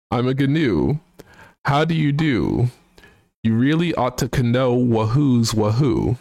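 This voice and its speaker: A man's voice: medium pitch, gravelly, darkish tone, dry recording, full character voice. A man putting on a posh British accent to voice a snooty singer of a comic song, sing-song and stumbling over the wordplay. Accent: put-on upper-class British.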